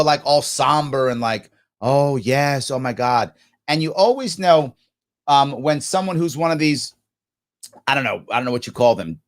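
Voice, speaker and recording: A man hosting a live talk show, reading viewer comments aloud and answering them emphatically, often posing questions and answering them himself. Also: on the high side. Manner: animated, jokey asides. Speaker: political talk show host.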